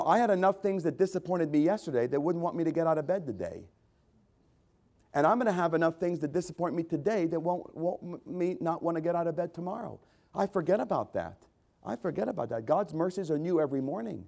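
Emphatic preaching man. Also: fairly high pitch. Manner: swings between loud emphatic preaching and quiet conversational asides; repeats phrases for emphasis. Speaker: pastor. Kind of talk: sermon.

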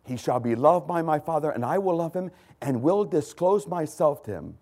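Animated preacher, high and lively voice. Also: male voice, moderate pace. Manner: emphatic preaching, swinging from loud to hushed; clears throat and corrects his own slips. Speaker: pastor. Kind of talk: sermon.

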